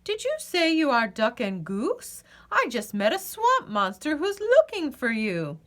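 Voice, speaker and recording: A woman voicing a friendly talking daisy, in a sweet, unhurried way. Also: sits high, huge pitch swings, fairly bright tone, pitched above the performer's own voice, exaggerated voice.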